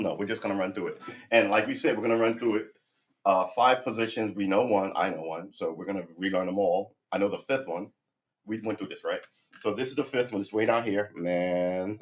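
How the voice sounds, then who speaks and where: A middle-aged man livestreaming his guitar practice from his sofa at home, chatting casually into a nearby desk mic with rambling, self-deprecating, profane pep talk. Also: on the low side. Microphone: desk microphone close by.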